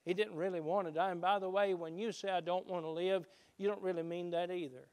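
A man preaching a sermon, shifting between loud emphatic peaks and hushed low passages. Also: flat delivery, quick pace, clear, resonant tone. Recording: reverberant hall.

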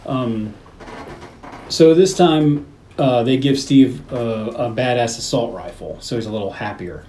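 A man recounting a film's plot scene by scene for his podcast cohosts, slipping into the characters' lines as he goes. His voice sits at an ordinary middle pitch. A faint hiss runs under the recording. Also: measured pace, rough recording. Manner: animated retelling, acting out movie lines. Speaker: podcast host. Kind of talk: casual movie recap chat.

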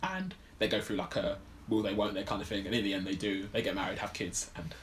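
A man's voice: fairly low pitch, fairly even intonation, quick pace, a little hiss or hum. A man casually recapping a film plot on a podcast, rambling with lots of fillers. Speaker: podcast co-host. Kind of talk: casual film review chat.

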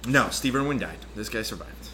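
A man's voice: lowish voice, animated, fairly quick, background noise. A man co-hosting a podcast in casual chat, rambling through stories and swearing freely. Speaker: podcast co-host.

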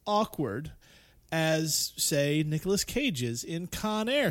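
A man's voice: a little high, very animated, slow. A man hosting a casual podcast chat, laughing often. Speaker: podcast host.

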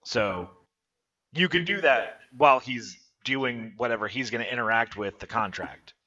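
Bright-voiced man running a tabletop game. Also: mid-range voice, moderate pace, muffled recording. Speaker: game master.

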